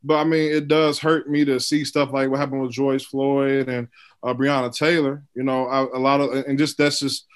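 A man's voice: mid-range voice, little pitch movement, normal speed, clear, resonant tone. A man comedian in a panel discussion, speaking hesitantly with many fillers.

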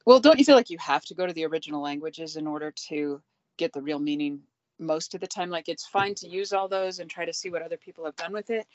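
A woman's voice: low voice, fast talker, dry recording. A woman in a casual Bible study discussion, making her points in an earnest, questioning way. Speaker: Bible study group member. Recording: dry, dull lo-fi recording.

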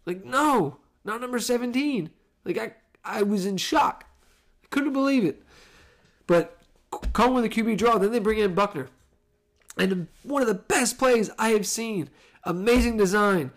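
A man, a father with young kids, giving a rambling, animated solo commentary on a football game and correcting himself as he goes. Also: sits high, measured pace, long pauses. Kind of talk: casual solo sports commentary.

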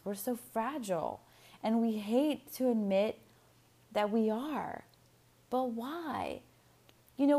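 Candid, swearing woman podcaster. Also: mid-range voice. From United States. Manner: candid, profane, animated, with frequent fillers and laughs. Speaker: podcast host. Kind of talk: casual solo podcast monologue.

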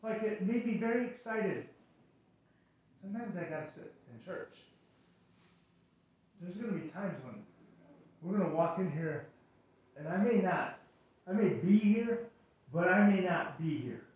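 A man's voice: high-pitched, lively intonation, a little slow, long pauses, muffled recording. A male pastor giving a conversational sermon, telling stories with playful acted-out voices and self-deprecating humor. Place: church sanctuary. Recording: echoey room, voice far from the mic.

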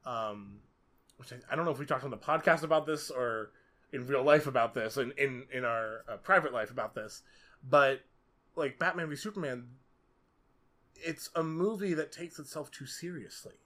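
A man in casual podcast chat who rambles and stays animated. His voice sits at an ordinary middle pitch, and he piles up fillers as he thinks aloud. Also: moderate pace. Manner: animated, rambling, many fillers like "you know". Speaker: podcast co-host. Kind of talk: casual film discussion.

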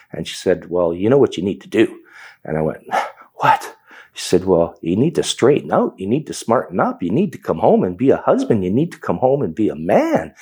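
A man's voice: on the low side, warm tone, slightly rough. A middle-aged man with a Canadian accent telling his personal testimony in a reflective storytelling manner. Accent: Canadian English. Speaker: testimony speaker.

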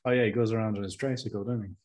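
A man co-hosting a podcast, laid-back and casually swearing in relaxed chat. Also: on the low side, rapid-fire, slight background noise. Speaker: podcast co-host.

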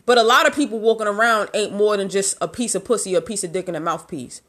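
A woman in her late twenties hosts her own podcast and speaks candidly about her life. Her talk is blunt and heavily profane but heartfelt. Her voice sits at an ordinary middle pitch for a woman. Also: fast talker, a bit bright. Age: 20s. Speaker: podcast host.

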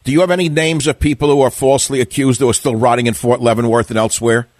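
A man's voice: mid-range voice, steady tone, fast, dry recording, clean studio sound. An older man hosting a call-in talk radio show, speaking in a combative, opinionated way with rambling asides.

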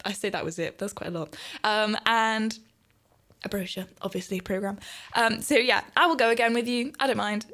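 A woman's voice: mid-range voice, a little fast, a bit bright. A bubbly young woman, hosting a student radio show in a rambling casual chat that is full of laughs. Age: young adult.

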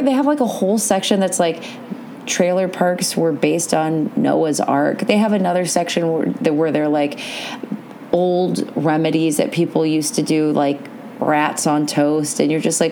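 A woman's voice: low voice, a little slow, mellow, a little hiss or hum. A woman co-hosting a podcast, chatting casually, swearing freely and telling stories with big jumps in emphasis. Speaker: podcast co-host. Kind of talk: casual chat.

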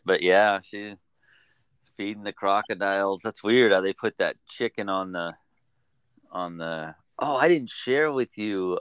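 A man co-hosting a podcast, chatting in a relaxed, rambling way with lots of fillers. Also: low-pitched, clear, resonant tone, no room sound. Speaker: podcast co-host. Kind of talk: casual chat.

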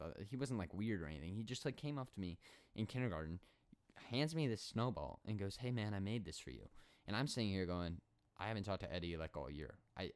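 A man's voice: fairly low pitch, clean tone. A man of twenty hosting a solo podcast, telling a story in a rambling, sarcastic way with many fillers. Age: 20s. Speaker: podcast host.

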